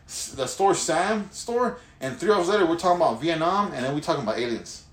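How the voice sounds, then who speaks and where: Animated, profane man in an echoey room. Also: fairly high pitch, fairly quick. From Houston. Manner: rambling storyteller, profane, laughs a lot. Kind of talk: casual chat. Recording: echoey room with faint ambience.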